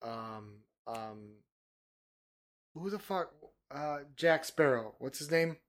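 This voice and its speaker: A man's voice: a little high, lively intonation, slow. A man co-hosting a podcast, chatting casually and telling rambling, profane stories. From Michigan. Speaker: podcast co-host. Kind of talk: casual chat.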